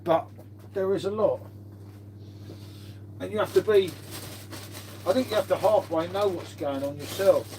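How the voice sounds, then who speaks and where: Against a noisy background, a middle-aged man with a higher-than-average voice rambles to his live-stream viewers. He's laid-back, addresses everyone as mate, and reflects aloud while he tidies.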